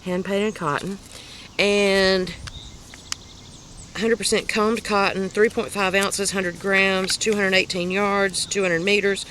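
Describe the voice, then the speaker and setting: A woman with a Southern US accent hosting a crochet video podcast, chatting casually and rambling as she shows her finished projects, quick to laugh at herself. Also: mid-range voice, fairly even intonation, fairly bright tone, a little hiss or hum. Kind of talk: casual show-and-tell chat.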